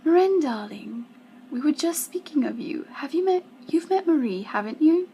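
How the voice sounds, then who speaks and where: A woman's voice: sits high, animated, moderate pace, dark tone, a little hiss or hum, pitched above the performer's own voice. A woman voicing a proper, sociable society mother who fusses over her daughter in a raised, affected voice. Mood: fussy.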